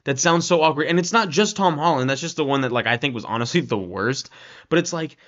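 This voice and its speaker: A man's voice: fairly high pitch, expressive, fast, a bit bright. Man ranting casually, slightly muffled. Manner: rambling, heavy on "like" and "right?", swears casually. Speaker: film reviewer.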